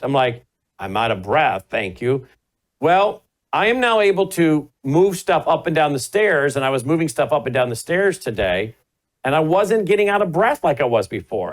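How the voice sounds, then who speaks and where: Chatty rambling male talk show host. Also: on the high side. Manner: rambling storyteller, self-correcting. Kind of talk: casual health chat.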